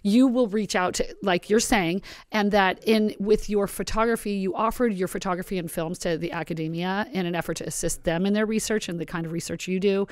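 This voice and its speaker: A woman's voice: medium pitch, a little fast, few pauses, no room sound. A woman hosting a podcast, speaking earnestly and rambling a little as she sets up a question for her guest. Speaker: podcast host. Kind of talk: interviewing a guest.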